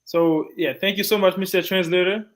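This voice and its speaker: Man, english teacher from haiti, encouraging, repeats himself, slightly high voice. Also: fairly even intonation, moderate pace, poor audio. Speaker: English teacher hosting an online class. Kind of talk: wrapping up a class discussion.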